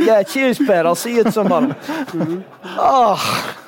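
A man's voice: very high-pitched, a little slow. An older man from England, a football coach, telling stories in an interview, laughing often and acting out the voices of others. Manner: animated storyteller, laughs often, acts out voices. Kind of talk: talk-show interview.

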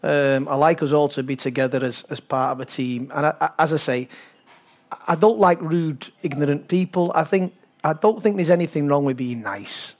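Animated, high-voiced English storyteller man. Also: normal speed. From England. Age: older. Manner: animated storyteller, laughs often, acts out voices. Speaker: football coach. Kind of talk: talk-show interview.

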